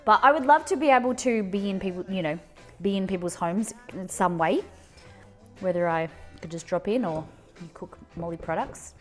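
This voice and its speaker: Woman chatting away on a cooking stream, lots of ums and restarts, soft music under her. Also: medium pitch, normal speed. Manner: chatty, rambling, with frequent fillers and restarts. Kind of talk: casual chat while cooking. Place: home kitchen.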